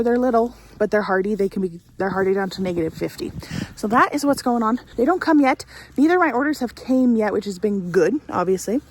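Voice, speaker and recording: A woman's voice: mid-range voice, darkish tone, a little hiss or hum. Chatty homesteading woman with a cold. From Central Oregon. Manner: chatty, rambling, self-deprecating. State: has a cold, out of breath from trudging through snow. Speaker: homesteading vlogger. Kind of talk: casual vlog narration. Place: outdoors on a snowy homestead and greenhouse.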